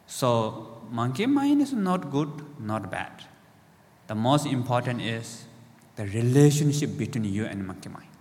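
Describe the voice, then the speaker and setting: A man's voice: medium pitch, big pitch swings, measured pace, darkish tone, long reverb tail. A man teaching meditation to a live audience in simple, playful phrases, checking in with questions.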